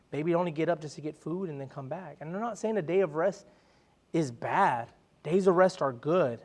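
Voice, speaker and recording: A man's voice: on the high side, a little mellow. A young man giving a casual, conversational sermon to a young adult group, acting out little voices and laughing along. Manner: conversational, acts out quotes, laughs at own jokes. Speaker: young adult ministry speaker.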